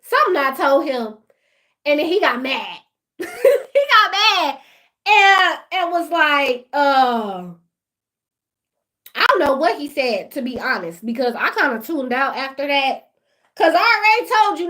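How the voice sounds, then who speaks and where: High-pitched woman ranting to her viewers, laughs a lot. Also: a little slow. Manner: animated, laughing, talks straight to viewers. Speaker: vlogger. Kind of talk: casual storytime rant.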